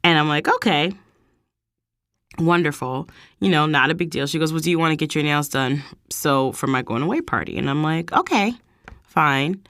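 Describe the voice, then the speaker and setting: In a dry, clean studio recording, a vlog host tells a personal anecdote at a moderate pace. She's lively and casual, raising her voice higher whenever she imitates what others said.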